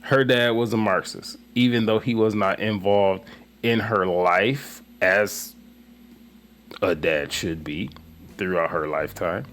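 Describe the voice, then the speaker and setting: A man hosting political commentary, ranting with scorn and swinging between low mutters and loud outbursts. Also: takes it slowly, slight background noise.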